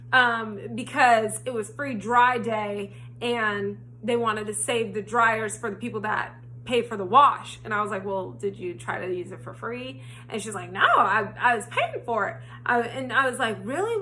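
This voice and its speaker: A young woman vlogger telling a personal storytime in a casual, animated way that rises to indignation. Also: on the high side, a little hiss or hum. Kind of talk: storytime vlog. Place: home, frogs heard outside.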